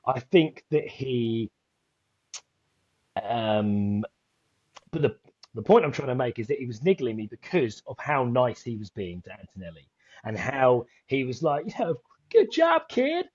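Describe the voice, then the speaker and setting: A man co-hosting a casual racing podcast, rambling and animated, jumping into high voices when he quotes people. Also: unhurried, long pauses, breathy edge, no echo, muffled recording. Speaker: podcast co-host.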